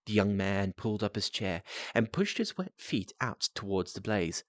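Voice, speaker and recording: A man reads a novel aloud on a live stream with a low voice and lively inflection. He drops in casual asides and goes back over lines. The recording is close and dry. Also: normal speed, no echo.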